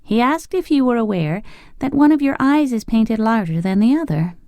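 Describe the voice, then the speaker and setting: A man's voice: very high-pitched, lively intonation, moderate pace, darkish tone, dry recording, voice pushed up. A man voicing a cheeky young maid in an audiobook, teasing and mischievous, in a raised, lilting voice. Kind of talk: audiobook character voice.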